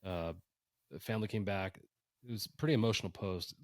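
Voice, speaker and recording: A man's voice: fairly low pitch, fairly quick, darkish tone, no echo. A man hosting a podcast, speaking in an easygoing conversational way. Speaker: podcast host. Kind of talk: casual chat.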